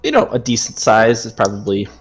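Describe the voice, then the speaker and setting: A man narrating a tabletop game as game master, describing scenes in a relaxed way with frequent ums. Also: on the low side, fairly quick, breathy edge, faint music behind.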